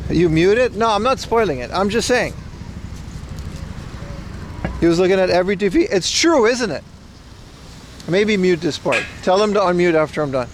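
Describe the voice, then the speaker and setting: High-voiced man rambling on a street stream. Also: expressive, normal speed, long pauses, background noise. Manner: rambling, opinionated, reads and answers chat. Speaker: IRL livestreamer. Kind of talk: casual walking livestream chat. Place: outdoors on city streets.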